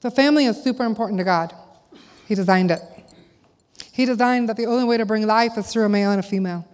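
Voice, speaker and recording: A woman's voice: fairly high pitch, fast, a little mellow. A middle-aged woman giving a conversational sermon to a church audience, full of rhetorical questions. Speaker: speaker at a church gathering. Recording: long hall reverb.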